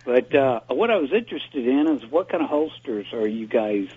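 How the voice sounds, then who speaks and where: A man's voice: mid-range voice, animated, moderate pace, husky. A man calling in to a radio show, easygoing and chatty. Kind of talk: casual phone-in chat. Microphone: telephone. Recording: tinny phone line.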